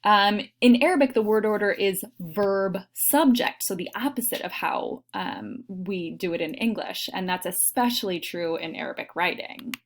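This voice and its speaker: A woman's voice: medium pitch, lively intonation, normal speed, few pauses. A woman giving a recorded lecture on teaching English pronunciation and grammar, explaining step by step with frequent ums and acting out learner errors. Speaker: teacher trainer.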